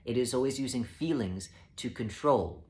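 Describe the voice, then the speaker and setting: Calm man giving a spiritual talk. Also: mid-range voice, moderate pace. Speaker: spiritual teacher. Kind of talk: spoken teaching talk.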